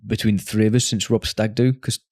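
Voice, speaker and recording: A podcast co-host with a very deep voice, trading relaxed banter with his friends. He has an easygoing delivery, and the recording is dry and close up. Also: fairly quick, no echo. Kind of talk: casual chat over drinks.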